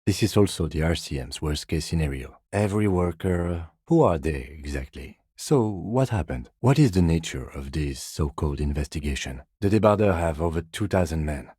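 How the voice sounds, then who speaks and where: An actor playing a reserved, precise middle-aged police lieutenant in a video game, speaking in a measured, formal, dry way. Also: male voice, very deep voice, lively intonation, warm tone, husky, no echo, heavily acted. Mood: calm, formal. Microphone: close studio mic.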